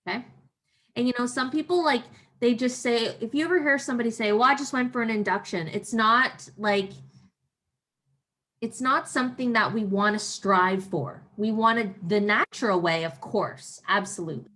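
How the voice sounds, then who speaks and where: A woman working as a doula, chatting casually through a birth plan, upbeat and quick to laugh. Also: on the high side, bright, forceful tone. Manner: upbeat, laughs easily, reads questions aloud. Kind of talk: casual birth-planning chat.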